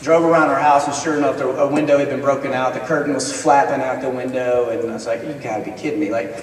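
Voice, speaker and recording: A man's voice: mid-range voice, fairly even intonation, fast. A male minister preaching a sermon, telling a personal story in a conversational, earnest way with touches of self-deprecating humor. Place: college chapel. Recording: echoey chapel from far off.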